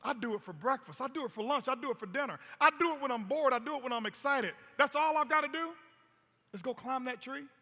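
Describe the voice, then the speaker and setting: A man's voice: extremely high pitch, fast, bright, forceful tone, long reverb tail, exaggerated voice. A man doing an eager, carefree monkey. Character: eager, carefree monkey who loves climbing.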